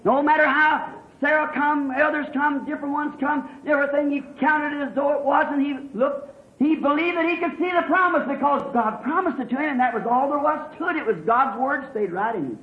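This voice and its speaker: A man preaching a fervent revival sermon, swinging from hushed asides to shouted exclamations. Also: extremely high pitch, a little fast. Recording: echoey, muffled old sermon recording.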